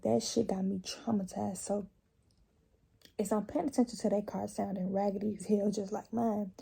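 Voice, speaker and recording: Young woman, casual storytime vlog, gravelly voice, husky, mellow tone, profane and animated. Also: mid-range voice. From Chicago area. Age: young adult. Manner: profane, animated storytelling, addresses viewers as y'all and G. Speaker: vlogger.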